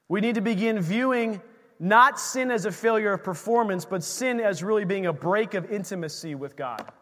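High-voiced preacher man in a reverberant hall. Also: normal speed. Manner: animated, swings from shouting to hushed. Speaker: pastor. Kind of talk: sermon.

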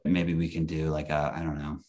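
A man's voice: extremely low pitch, level tone, brisk, darkish tone. A man hosting a casual podcast chat in a jokey, easygoing way.

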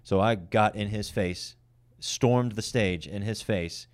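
A stand-up comedian telling a heated, profane story in casual chat. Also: male voice, on the low side. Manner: fast, profane, heated retelling.

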